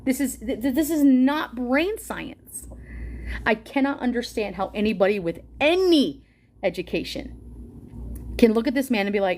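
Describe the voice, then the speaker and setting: A woman's voice: fairly high pitch, lively intonation, moderate pace, darkish tone, slight background noise. A woman delivering an angry, profane political rant straight to her viewers, heated and confrontational. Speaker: political commentator reading a policy document aloud. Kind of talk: angry direct-to-camera rant.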